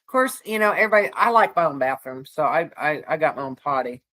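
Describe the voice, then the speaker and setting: A woman's voice: sits low, animated, fast talker, fairly bright tone. A woman co-hosting a casual livestream, chatting with viewers in a rambling way and laughing often. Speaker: livestream co-host.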